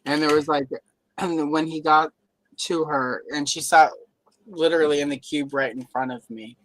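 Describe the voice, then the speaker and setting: A man with a fairly high voice tells workplace stories in a relaxed live-stream chat. He slips into the voices of the people he quotes. The sound is dry and close. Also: moderate pace, no room sound. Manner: animated storyteller who acts out quoted voices. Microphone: live stream microphone.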